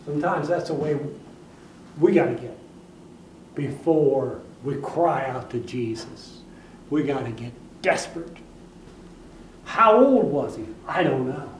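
A man preaching a sermon, telling a story dramatically and swinging between hushed and loud. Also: on the high side, expressive, slow pace, long pauses, reverberant, far from the mic, a little hiss or hum, rough recording.

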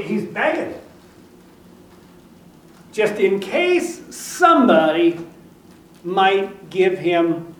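A man preaching a sermon, telling a story dramatically and swinging between hushed and loud. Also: high voice, roomy sound, recorded from a distance, a little hiss or hum, low-quality recording.

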